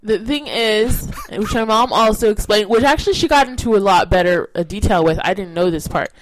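A woman's voice: medium pitch, lively intonation, fairly quick, a little hiss or hum, low-quality recording. A woman from California co-hosting a podcast in casual chat, telling rambling, self-mocking stories with frequent restarts. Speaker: podcast co-host.

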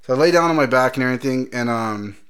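A man's voice: medium pitch, fast, a bit bright, clean tone. Man, crude storyteller, laughs a lot, acts out quotes, podcast chat. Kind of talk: casual chat.

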